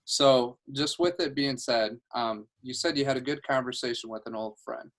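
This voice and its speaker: Man, sales coach, upbeat, quick to laugh, headset, home video call. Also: mid-range voice, fairly bright tone, a little hiss or hum. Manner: upbeat, laughs easily, restarts phrases.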